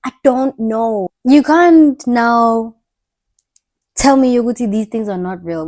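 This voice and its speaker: A woman's voice: medium pitch, a little mellow. A young woman, talking candidly and in slang as she tells stories in a casual diary vlog. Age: young adult. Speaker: vlogger.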